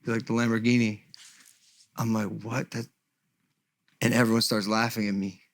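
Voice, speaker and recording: A young man in casual chat, telling an animated story and swearing freely as a guest. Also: on the low side, moderate pace.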